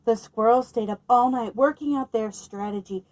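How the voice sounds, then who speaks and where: Expressive woman reading to children. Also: a little high, normal speed, poor audio. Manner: expressive, lively, asks listeners questions. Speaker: children's librarian. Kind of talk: children's story time read-aloud.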